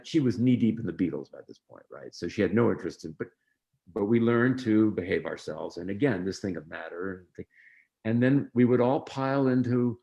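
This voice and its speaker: A man guesting on an interview, telling family anecdotes in a relaxed way, acting out quoted voices, with frequent ums and restarts. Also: on the low side, gravelly, lo-fi sound. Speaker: interview guest, film producer. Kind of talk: storytelling in a conversational interview.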